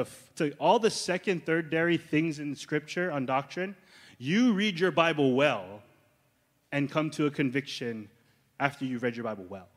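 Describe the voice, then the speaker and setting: A man's voice: medium pitch, a bit bright, long reverb tail. A male pastor teaching a sermon in a conversational way, often checking in with the congregation.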